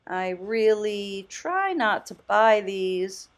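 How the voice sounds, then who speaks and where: A woman vlogging casually as a thrift host, chatty and enthusiastic, often exclaiming and thinking out loud. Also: medium pitch, sing-song, very slow. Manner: muses aloud, thinking out loud. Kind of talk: casual vlog commentary.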